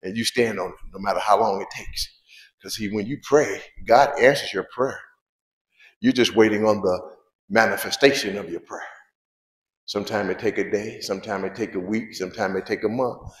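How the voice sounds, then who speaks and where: A man with a low voice preaches to his congregation, repeating key lines and throwing out questions for them to answer. His grammar is loose and conversational. The sound carries the echo of a large church room. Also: normal speed. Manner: preaching with call-and-response questions and repetition; informal spoken grammar, drops verbs. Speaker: pastor. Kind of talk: sermon.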